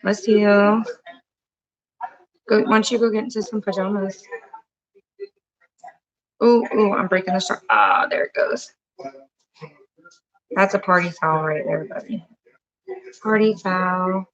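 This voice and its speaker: A woman's voice: medium pitch, steady tone, measured pace, long pauses, muffled recording. A woman hosting a casual live cooking stream from her home kitchen, chatting in a rambling way and breaking off to talk to her pets and family.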